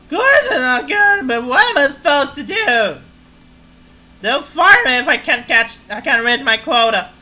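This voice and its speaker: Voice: high voice, lively intonation, unhurried, voice pushed up, exaggerated voice, low-quality recording. A player voicing a tipsy, brash female journalist from a video game, reading her lines with a put-on drunk slur. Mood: frustrated. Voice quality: slurred drunk voice. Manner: loud, emphatic, swings to shouting. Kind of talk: reading game dialogue aloud.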